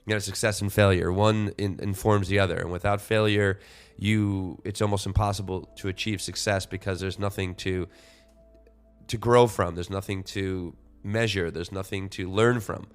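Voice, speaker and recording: A man's voice: deep voice, fairly even intonation, moderate pace, smooth, faint music behind. A man in his forties hosting a solo podcast, talking reflectively and rambling with lots of "you know" fillers and restarts. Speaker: podcast host.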